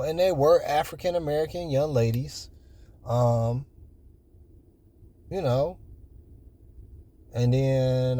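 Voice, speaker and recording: A man's voice: fairly high pitch, warm tone. Rambling man in his forties. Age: 40s. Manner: rambling, full of "you know" fillers. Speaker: vlogger. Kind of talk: casual storytelling.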